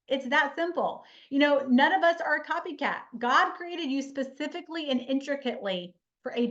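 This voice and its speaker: Lady coach, high voice, chatty and earnest, kinda muffled webinar audio. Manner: earnest, chatty, repeats key lines for emphasis. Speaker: life coach and webinar host. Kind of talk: motivational faith-based webinar talk.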